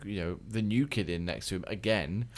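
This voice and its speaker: Brief: male podcast co-host, lowish voice, easygoing banter that turns loud when excited. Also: brisk. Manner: chatty, laughs often, gets loud when excited. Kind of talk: casual chat.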